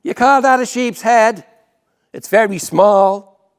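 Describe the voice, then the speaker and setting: A brash, cheeky old Dublin woman, as a man puts her on, haggling over meat. Her voice goes high and loud with indignation. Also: slow, clear, resonant tone. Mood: indignant.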